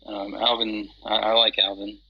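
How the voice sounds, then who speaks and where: A man's voice: on the low side, flat delivery, normal speed, creaky, breathy edge. A man chatting casually on an audio call, rambling with many fillers and restarts. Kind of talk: casual chat. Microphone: phone on an audio chat app. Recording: dull lo-fi app audio.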